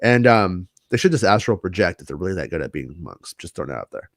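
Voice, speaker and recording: A man's voice: sits low, big pitch swings, fast talker, no room sound, clean studio sound. A man co-hosting a podcast, rambling in casual chat, stumbling over and repeating words. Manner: rambling, stammers, repeats words, does silly voices. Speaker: podcast co-host.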